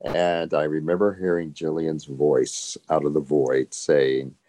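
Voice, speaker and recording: An older man who was once a show dancer tells stories in an interview, his voice rumbling low, level, and warm at an unhurried pace. He's reflective, chuckles as he goes, and says "you know" often.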